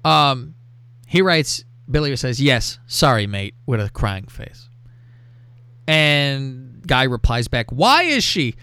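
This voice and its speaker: A man hosting a casual show, telling a crude story in a lively, profane way and reading out text messages. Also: medium pitch, slow, clean tone, dry recording. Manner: animated, profane, reads out texts with laughter. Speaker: podcast host.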